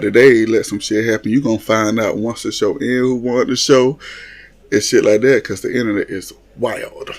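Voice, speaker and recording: A man hosting a casual reality TV recap, blunt and mocking, often laughing as he talks. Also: fairly low pitch. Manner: blunt, laughs often, mocks what he watched. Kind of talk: casual commentary.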